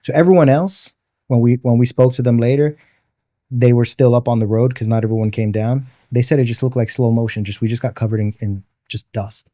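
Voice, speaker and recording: A man's voice: mid-range voice, steady tone, brisk, dark tone, dry recording, studio quality. A man, a podcast guest and military veteran, telling a personal story in vivid detail and patiently explaining military terms. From the Bronx, New York.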